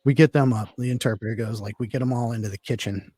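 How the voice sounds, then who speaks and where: Husky-voiced man telling a long story. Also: mid-range voice, steady tone, quick pace, warm tone. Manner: rambling, filler-heavy, laid-back. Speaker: podcast guest telling a story. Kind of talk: casual storytelling.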